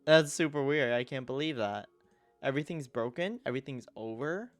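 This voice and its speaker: Excitable guy streaming a game, mid-pitched, chatty, faint music behind. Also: fairly quick, no echo. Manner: excitable, chatty, bursts into loud laughter. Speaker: VTuber streamer. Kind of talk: casual game livestream chat.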